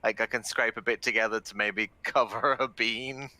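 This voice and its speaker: A man's voice: lowish voice, fairly even intonation, normal speed, bright, forceful tone, dry recording. A man playing a tabletop game, talking in a rambling, hesitant way and laughing often. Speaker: player. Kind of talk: casual tabletop game chat.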